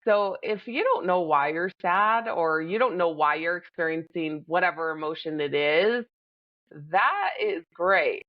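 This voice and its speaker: A woman co-hosting a podcast, talking in a measured, reflective way about handling emotions. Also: lowish voice, expressive, no room sound, highs cut off. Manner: measured and reflective, pausing to breathe. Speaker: podcast co-host. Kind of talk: casual reflective chat.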